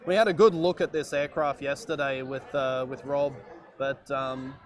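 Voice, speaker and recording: A man's voice: medium pitch, steady tone, moderate pace, slight background noise. Rambling man live streaming outdoors. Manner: rambling, joking, lots of fillers. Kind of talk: casual live-stream chat. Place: outdoors at an airshow.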